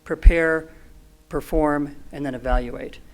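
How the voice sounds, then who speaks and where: A man in his sixties, a podcast guest, telling stories in an earnest, animated way with frequent restarts. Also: a little high, unhurried, soft background music. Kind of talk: storytelling in an interview.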